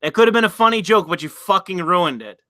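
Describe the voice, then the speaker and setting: Brief: male streamer, casual and profane, lively pitch swings, slightly high voice. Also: fast talker, dry recording, clean studio sound. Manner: profane, exasperated, laughs often. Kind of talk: casual live-stream chat.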